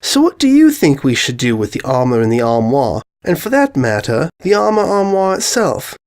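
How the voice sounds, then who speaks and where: A woman voicing a kind, gentle adult pony princess who speaks softly and warmly. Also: very deep voice, big pitch swings, normal speed, exaggerated voice. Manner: warm, conspiratorial.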